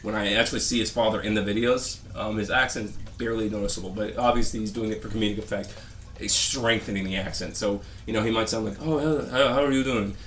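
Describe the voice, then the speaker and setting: A man with a somewhat low voice rants his way through a casual vlog, stumbling over his words and starting sentences again and again. His tone is sarcastic and dismissive, and a faint background noise sits under the recording. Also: little pitch movement, a bit bright. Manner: halting, rambling rant with frequent restarts. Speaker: vlogger. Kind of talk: rambling complaint vlog.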